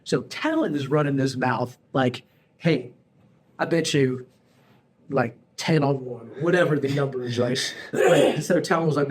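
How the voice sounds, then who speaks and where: Animated man telling stories, slangy. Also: medium pitch, unhurried, slightly rough. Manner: animated, slangy storyteller, says bro and dude. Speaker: podcast host. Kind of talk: casual chat, storytelling.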